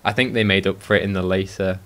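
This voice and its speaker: A man co-hosting a podcast, relaxed and teasing as he gives his views on a game update. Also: sits low, fast. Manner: laid-back and teasing, laughs easily. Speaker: podcast co-host. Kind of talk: casual podcast chat.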